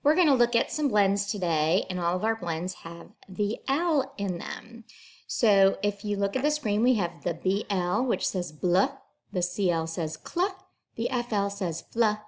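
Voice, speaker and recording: A woman teacher, patiently leading young children through a phonics lesson and sounding each blend out clearly. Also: mid-range voice, lively intonation. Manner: slow, clear enunciation with drawn-out sounds; patient, encouraging.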